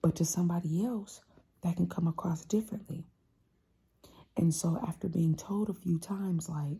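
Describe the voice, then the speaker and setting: Low husky woman, passionate talk. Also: moderate pace. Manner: animated, passionate, acts out family voices. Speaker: host. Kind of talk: casual motivational talk.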